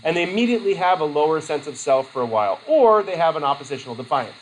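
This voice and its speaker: Male teacher lecturing a class; chatty, animated, fairly high pitch, slight room hiss. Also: fast talker, low-quality recording. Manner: lively, acts out quoted voices, laughs easily.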